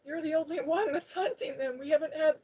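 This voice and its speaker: A woman's voice: high voice, brisk, mellow, far from the mic, voice pushed up, lightly acted. Woman doing a joshing friendly sheriff. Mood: teasing. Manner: joshing, then soothing. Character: teasing small-town male sheriff, friendly.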